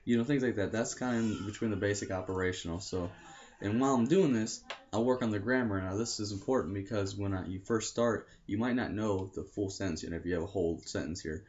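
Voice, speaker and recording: A man's voice: fairly low pitch, fast, darkish tone, dull audio. A young American man talking casually to camera about learning languages, rambling and often correcting himself. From United States. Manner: rambling, self-correcting, many fillers.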